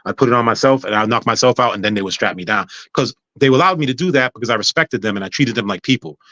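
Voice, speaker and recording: Fast-talking man telling a story. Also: mid-range voice, dry recording, highs cut off. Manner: animated, acts out other people's words. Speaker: podcast guest. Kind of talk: casual storytelling.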